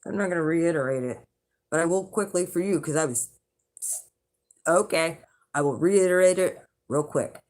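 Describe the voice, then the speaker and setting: A woman with a fairly low-pitched voice tells a rambling, chatty story to her viewers. She swears freely, restarts her sentences and laughs along the way. Her delivery is loose and conversational. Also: moderate pace, darkish tone. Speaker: channel host, intuitive reader. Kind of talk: casual storytelling to the camera.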